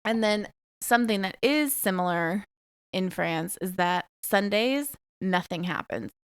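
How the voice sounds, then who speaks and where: A woman's voice: mid-range voice, lively intonation, a little slow, clean tone, no echo, studio quality. Blunt, cursing woman podcaster. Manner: frank, blunt, swears freely. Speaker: podcast host. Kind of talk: casual monologue podcast.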